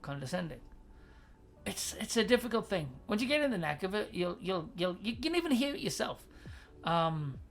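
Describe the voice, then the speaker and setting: Woman, livestream host, casual advice chat, blunt, swears a lot, mid pitch. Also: very animated, moderate pace, gravelly, faint music behind. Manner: blunt, heavy swearing, laughs often; reads viewer chat aloud.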